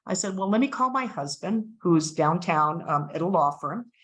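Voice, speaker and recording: Lively storytelling woman, low voice. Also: moderate pace, rough recording. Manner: animated storyteller, acts out voices in quotes. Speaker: guest speaker. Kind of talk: storytelling talk.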